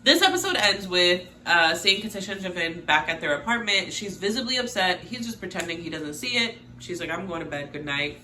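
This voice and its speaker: A woman's voice: lowish voice, brisk, hardly any pauses, echoey room, slight background noise. A woman giving a chatty, sassy recap of a reality show, acting out the people she quotes. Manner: chatty, sassy, animated quoting. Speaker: recap vlogger.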